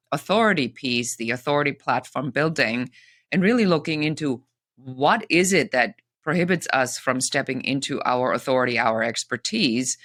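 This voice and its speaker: A woman who coaches people in business, a guest on an interview podcast, telling stories in an expressive way. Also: low-pitched. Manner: expressive, lively storytelling. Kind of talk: conversational interview.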